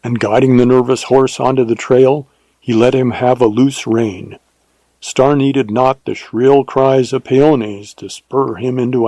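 A man narrating a western novel as an audiobook, in a measured storytelling manner on a close studio mic. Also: mid-range voice, warm tone, breathy edge, no echo, poor audio.

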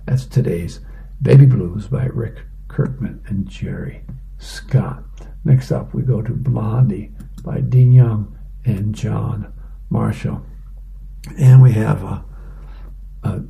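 A man reading the newspaper comics aloud for a radio reading service, casual and relaxed with fillers. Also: lowish voice, creaky, low-quality recording. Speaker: volunteer newspaper reader.

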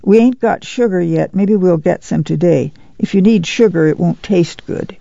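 A man's voice: high voice, moderate pace, vocal fry, dark tone, no echo, dull audio. A man voicing a weary, proud middle-aged mother of a migrant family, with a drawl, plainspoken and firm. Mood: plain.

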